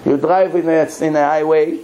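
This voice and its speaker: A man, a rabbi, telling a story in a sermon, animated and swinging between low asides and sudden high exclamations. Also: moderate pace, slight background noise, poor audio.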